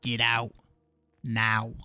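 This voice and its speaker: A man's voice: medium pitch, monotone, extremely slow, sharp tone, clean tone, dry recording, soft background music, voice pushed down, heavily acted. A man reading aloud as a worried male film producer on a phone call in a video game script, voice raised above his own. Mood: curt.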